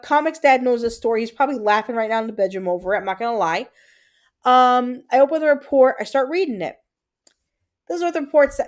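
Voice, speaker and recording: A woman in her thirties hosting a livestream, telling a family story in a chatty way and breaking off to answer her chat. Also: on the high side. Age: 30s. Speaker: livestream host. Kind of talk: casual chat with live chat viewers.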